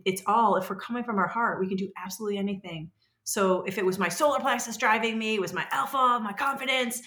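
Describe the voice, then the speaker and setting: A woman in her forties, a podcast guest telling stories in a rambling, animated way and acting out the voices she quotes. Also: medium pitch, roomy sound. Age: 40s. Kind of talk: casual conversational storytelling.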